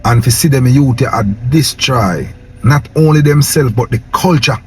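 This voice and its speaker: A man's voice: medium pitch, moderate pace, darkish tone, soft background music. Impassioned Jamaican man ranting. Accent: Jamaican Patois. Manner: impassioned, preachy, repeats "yo" and "man". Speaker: vlogger. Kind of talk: casual rant to camera.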